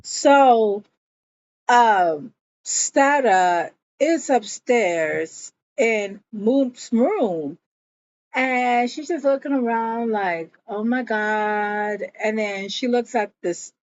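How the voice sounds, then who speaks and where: A woman's voice: on the high side, lively intonation, drawn-out words, a little mellow, highs cut off. A woman casually recapping a TV episode, telling the story in a chatty way and slipping into the characters' quoted lines as she goes.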